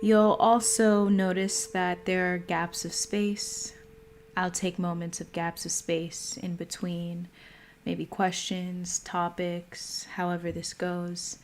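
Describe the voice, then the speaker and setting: Calm woman hosting a mindfulness livestream from home, slow and flat, lots of pauses. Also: fairly low pitch, slight background noise. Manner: slow, calm, pausing often. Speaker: meditation host.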